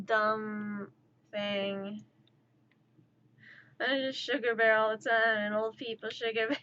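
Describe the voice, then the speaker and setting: A woman's voice: fairly high pitch, a bit bright, lo-fi sound. A woman in her thirties ranting exasperatedly during a casual livestream chat, her voice slightly altered after intubation. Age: 30s. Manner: exasperated, rambling rant. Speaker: streamer.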